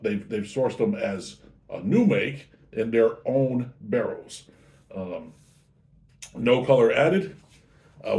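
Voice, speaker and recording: A man's voice: medium pitch, dark tone. Laid-back man hosting a whiskey tasting. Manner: chatty, easygoing, self-correcting. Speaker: whiskey reviewer host. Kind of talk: casual tasting review.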